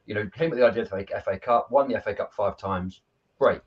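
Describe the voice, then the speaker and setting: A man's voice: on the low side, fast talker, dull audio. A man, a football coach, telling stories in a casual video chat. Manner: animated storyteller, laughs at his own anecdotes.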